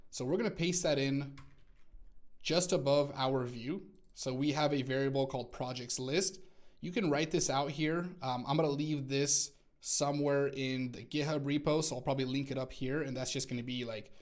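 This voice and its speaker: A man teaching a coding lesson in a screencast, talking through each step as he types and correcting himself along the way. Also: mid-range voice. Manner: talks through typing step by step, self-correcting. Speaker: programming instructor.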